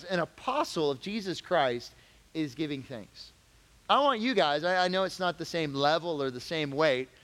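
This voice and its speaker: A man preaching to teens in a church hall, his fairly high voice carrying a long reverb. He talks casually, then builds to pressing, emphatic questions. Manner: animated, conversational, rising to emphatic questions. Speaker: youth pastor. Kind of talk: youth group Bible lesson.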